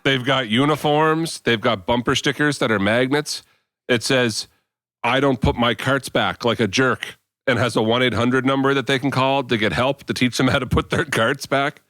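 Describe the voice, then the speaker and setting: A man's voice: medium pitch, fairly even intonation, normal speed, fairly bright tone, dry recording. A man co-hosting a podcast in casual chat, telling stories with an exasperated, ranting edge. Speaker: podcast co-host.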